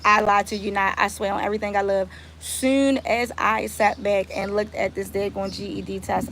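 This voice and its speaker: A woman, telling a story on a live stream in casual, animated talk and swearing freely. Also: mid-range voice, slight background noise. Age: 30s. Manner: animated, swears freely, talks straight to viewers. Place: outdoors.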